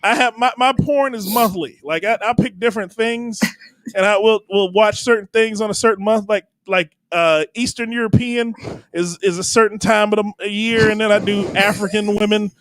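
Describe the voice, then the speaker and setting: A man's voice: high voice, fairly even intonation, moderate pace, fairly bright tone, dry recording. A man co-hosting a comedy podcast in brash, rambling casual chat. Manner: brash and rambling, with a Southern 'y'all'. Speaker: podcast co-host.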